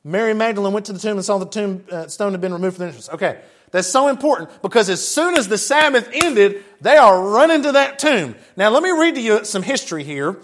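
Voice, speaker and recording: A high-pitched man preaching and reading Bible passages aloud. He stops often for chatty asides, talking to his listeners in a plain, conversational way. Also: lively intonation, a little fast, a bit bright. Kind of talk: sermon with scripture reading.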